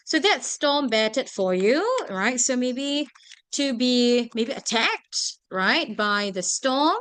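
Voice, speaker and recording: A woman's voice: fairly high pitch, lively intonation, takes it slowly, a bit bright, clean tone, no room sound. A young woman teaching an English vocabulary lesson to a class, often checking whether students follow. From Singapore. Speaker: English tutor.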